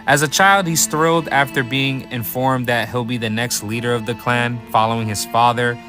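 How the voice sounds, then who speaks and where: A man's voice: mid-range voice, fairly even intonation, moderate pace, music in the background. A man narrating an anime story recap as commentary, swearing freely and tossing hyped, sarcastic asides to his viewers.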